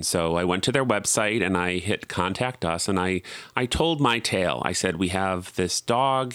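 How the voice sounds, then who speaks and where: A middle-aged man tells a rambling story in a casual monologue, self-deprecating and exasperated. His voice sits a little low but sounds bright and forceful. The sound is dry and close, with no room in it. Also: smooth, dry recording.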